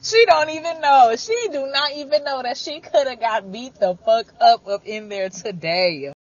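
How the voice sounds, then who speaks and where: A woman's voice: sits high, animated. Outraged woman on a dull voice message. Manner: outraged, profane, fast. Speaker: friend in a voice message. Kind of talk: casual voice message.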